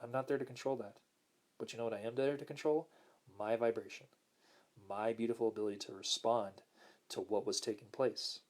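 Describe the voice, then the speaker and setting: A man hosting a casual spiritual talk, speaking gently and smoothly, repeating words for emphasis and reading viewer comments aloud. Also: fairly even intonation, a little fast. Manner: acts out quoted lines in a higher voice. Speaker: host.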